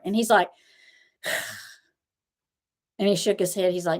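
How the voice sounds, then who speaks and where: A woman's voice: medium pitch, steady tone, normal speed, pauses often. Chatty middle-aged woman telling stories. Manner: rambling storytelling, laughing often. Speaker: tarot reader and host. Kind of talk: casual livestream chat.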